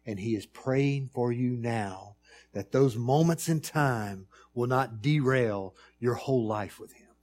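A male preacher delivering a sermon in a mid-pitched voice. He builds his points through rhythmic repetition, dropping to a hushed plea and then rising to loud, emphatic storytelling. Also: slow pace.

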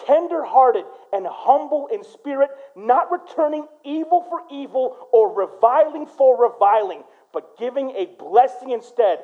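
A male pastor from Michigan preaching a sermon, swinging between loud, punchy lines and quiet storytelling. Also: extremely high pitch, phone-quality sound.

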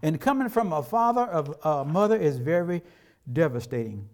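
A man's voice: a little high, sing-song, moderate pace, darkish tone. A middle-aged man preaching a sermon as a pastor, in a conversational way, acting out quotes from everyday life.

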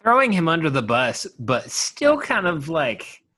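Male podcast co-host, a bit husky, bright, teasing in his reactions. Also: fairly high pitch, very animated, measured pace. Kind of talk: casual chat.

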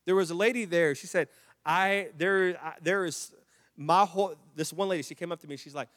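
A man's voice: sits high, brisk, a bit bright. A male pastor preaching a sermon, telling a story with many restarts and calling on the congregation to answer back. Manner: preaching with rising intensity, call-and-response with the congregation.

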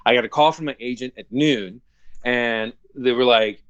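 A young man, an actor, telling anecdotes in a casual, animated way full of fillers. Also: mid-range voice, normal speed, clean tone, no room sound, lo-fi sound. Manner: animated, filler-heavy storytelling. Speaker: actor guest.

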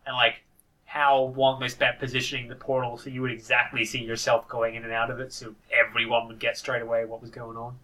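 A man chatting casually about video games, rambling and animated, with quick impressions. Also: medium pitch, distant mic, poor audio. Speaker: podcast co-host.

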